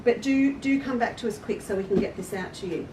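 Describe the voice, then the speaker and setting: This woman's voice is a little high and a little fast as she hosts a live stream from her quilt shop, giving a casual demonstration. She's chatty and friendly and laughs at herself. The room is echoey, with a distant mic and faint background noise.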